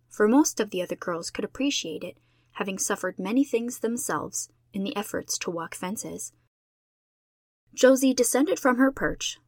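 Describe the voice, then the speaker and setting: Expressive woman reading a classic novel. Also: mid-range voice, no room sound. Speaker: audiobook reader. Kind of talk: storybook narration.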